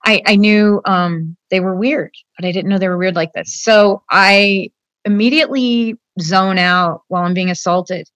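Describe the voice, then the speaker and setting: A woman's voice: medium pitch, moderate pace, fairly bright tone, clear, resonant tone, dry recording. A woman speaking as an interview guest, telling a personal account earnestly and at length, with many fillers, her voice turning tearful and strained when upset.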